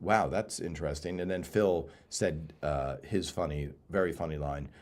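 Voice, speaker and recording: A man's voice: rumbling low, normal speed, darkish tone. A man, a comedy writer appearing as a guest, rambling through casual anecdotes and acting out the lines of the people in them. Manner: rambling, acts out quotes from his stories. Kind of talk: casual anecdotes on a live stream.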